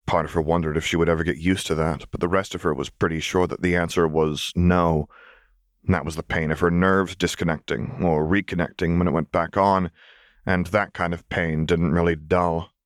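A man with a very deep voice reads fan fiction aloud in a calm, measured storytelling manner. The recording is close and dry, with no room sound. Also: dry recording. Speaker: audiobook narrator. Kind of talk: scripted narration of fan fiction.

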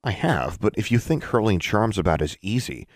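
Guy doing a wry teen witch girl, low voice, dry close sound, storybook reading. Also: big pitch swings, moderate pace, no echo. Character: sixteen-year-old girl witch, blunt and unsure.

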